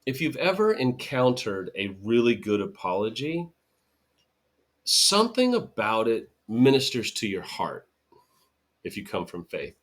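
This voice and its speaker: A man's voice: medium pitch, unhurried. Earnest man hosting a healing podcast. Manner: earnest, animated storytelling with acted-out quotes. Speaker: podcast host. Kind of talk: solo podcast talk.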